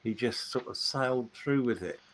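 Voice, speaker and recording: A man's voice: mid-range voice, normal speed, a little hiss or hum. A man on a video chat, talking in an apologetic way. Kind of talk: casual chat on a video call.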